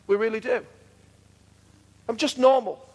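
A man's voice: very high-pitched, fairly even intonation, measured pace, darkish tone. A man preaching a sermon as pastor, earnest and repetitive, building to fervent declarations. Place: church hall. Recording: long hall reverb.

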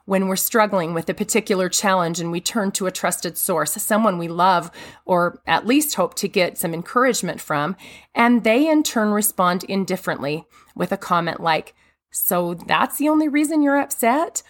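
A woman's voice: on the low side, normal speed. Earnest woman giving a devotional talk. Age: adult mother. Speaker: speaker.

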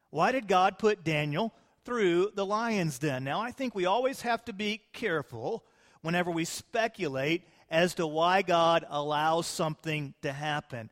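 Man, pastor, sermon storytelling, dramatic, high pitch, long hall reverb. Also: unhurried. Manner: dramatic, swings between loud and hushed.

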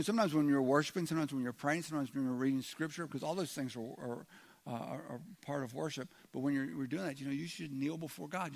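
A man's voice: a little high, vocal fry. A male pastor delivering a sermon in a slightly raised voice. He talks in a loose, conversational way, stumbling and repeating words as he goes, and breaks into little acted-out voices for the people he quotes.

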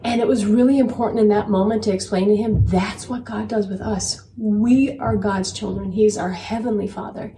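Woman, thirties, earnest faith-based parenting chat, mellow tone, set back from the mic. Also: mid-range voice, steady tone, normal speed, hardly any pauses. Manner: earnest, storytelling, repeats phrases for emphasis. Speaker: podcast co-host. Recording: roomy, distant mic, faint background noise.

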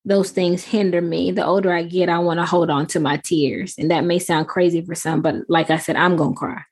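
A woman co-hosting a podcast, talking in an emphatic, expressive casual chat and affirming her co-host often. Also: fairly low pitch, fairly quick, breathy edge.

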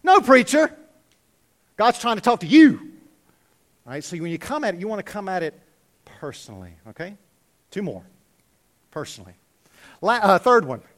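Animated high-voiced male pastor preaching. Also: moderate pace, pauses often. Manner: animated, swings from loud exhortation to hushed. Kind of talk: sermon.

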